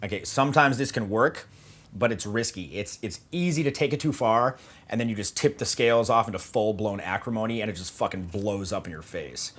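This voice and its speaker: A man's voice: fairly low pitch, brisk, fairly bright tone, husky. A man coaching on dating in a casual, joking manner, swearing freely and checking in with "okay" and "right?". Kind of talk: casual instructional talk.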